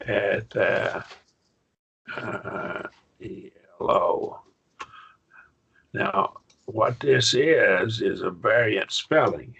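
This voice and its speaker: A man's voice: fairly low pitch, very animated, extremely slow, creaky, long pauses, sharp tone, husky. A man teaching a college-level Greek Bible class, explaining step by step with enthusiasm. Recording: muffled lo-fi class recording.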